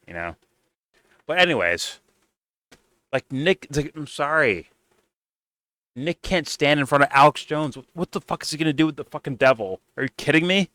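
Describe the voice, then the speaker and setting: A man with a bright, forceful voice rants in a profane, exasperated way as he reacts to a video. He is recorded dry and close. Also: on the high side, expressive, normal speed, pauses often, no echo. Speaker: host reacting to a debate. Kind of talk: reaction commentary.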